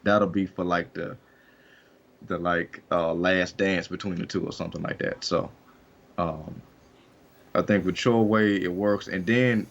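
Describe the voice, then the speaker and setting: On a wrestling podcast, a male co-host with a low voice and fairly bright tone talks loosely, rambling through fillers and false starts. There's slight background noise.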